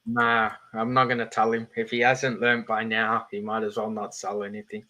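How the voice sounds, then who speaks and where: A man from Australia hosting a casual live-stream chat in a laid-back, unhurried way. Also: on the low side, monotone, bright, forceful tone, poor audio. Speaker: show host.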